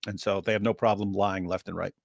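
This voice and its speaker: A man's voice: deep voice, flat delivery, fast, creaky, dry recording, studio quality. A man co-hosting a casual live stream, giving blunt, opinionated explanations. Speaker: co-host.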